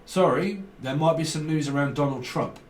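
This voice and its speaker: Speaking at a normal pace in a fairly high voice, a man gives a casual tarot reading, rambling and joking with chuckles between thoughts. He's far from the mic, so the sound is roomy and echoey with faint noise.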